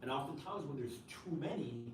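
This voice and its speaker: A man's voice: fairly high pitch, animated, a little fast. Man chaplain talking in a roomy hall. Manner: conversational, leans on "like" and "you know", rhetorical "right?". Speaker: chaplain and guest speaker. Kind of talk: answering an audience question at a campus talk. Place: campus event room. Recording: roomy, distant, faint noise.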